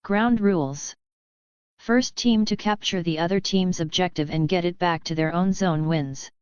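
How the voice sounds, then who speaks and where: A woman voicing a gruff, weary male mentor who growls orders in clipped words with dropped endings. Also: fairly low pitch, a little slow, darkish tone, no echo, highs cut off, close to an everyday voice. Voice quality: rough, growling.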